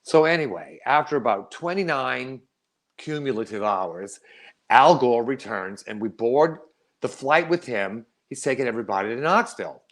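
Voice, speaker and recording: A middle-aged man performing a wry, animated storytelling monologue, laughing often. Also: mid-range voice, normal speed.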